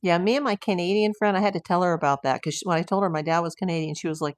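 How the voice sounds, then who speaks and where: An older woman from the United States talks in a casual livestream, her voice sitting low. She chats and wanders into asides as she reads out viewer comments. The sound is dry and close, with no room around it. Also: very fast, dry recording. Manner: chatty, rambling with asides and fillers. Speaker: livestream host.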